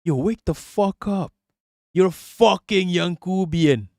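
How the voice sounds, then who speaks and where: A man rants on a live stream in a raised, fairly high voice, cursing freely and mocking whoever he answers. The sound is close and dry. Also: slow pace, a little mellow, no echo. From Malaysia. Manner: profane, mocking, indignant. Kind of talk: live-stream commentary rant.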